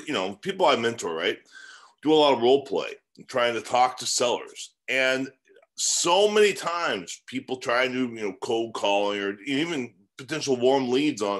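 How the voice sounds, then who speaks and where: A man's voice: medium pitch, a bit bright. A man in his forties, a real estate mentor, giving a casual motivational lesson full of fillers and rhetorical questions.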